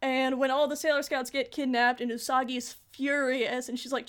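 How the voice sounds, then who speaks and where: A woman's voice: high-pitched, level tone, moderate pace. A young woman in casual podcast chat, animatedly retelling a story as an enthusiastic fan.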